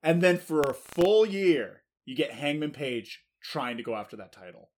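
A man's voice: fairly high pitch, very animated, moderate pace, darkish tone. A man co-hosting a podcast in casual chat, joking and giving easygoing opinions. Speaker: podcast co-host.

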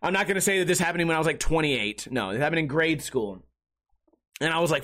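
High, bright-voiced crude comic man. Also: fast talker. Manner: crude, profane storytelling with laughter; rambling, with frequent restarts. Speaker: podcast host and streamer. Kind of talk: comedic casual chat.

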